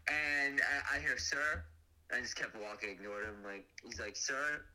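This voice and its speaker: A man's voice: on the low side, fairly quick, a crowd in the background, poor audio. A man co-hosting a podcast, telling stories in laid-back casual chat with restarts and the odd curse. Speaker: podcast co-host.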